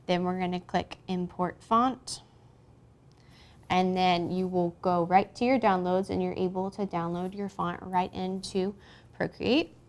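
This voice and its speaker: A woman's voice: lowish voice, steady tone, a little slow. A woman hosting a casual drawing-app tutorial, talking through each step as she goes, with frequent ums and small asides. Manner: chatty, talks through each step with fillers. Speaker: craft tutorial host. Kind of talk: casual screen-recorded tutorial.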